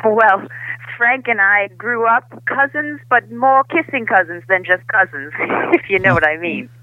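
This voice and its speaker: A man's voice: high-pitched, no echo. A man playing a flamboyant, gossipy old-Hollywood heir with an affected Hollywood accent, calling in for an improvised comedy bit. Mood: grandiose. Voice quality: theatrical, drawn-out, grand. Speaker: caller. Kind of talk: improvised comedy phone call. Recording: tinny phone line, dry.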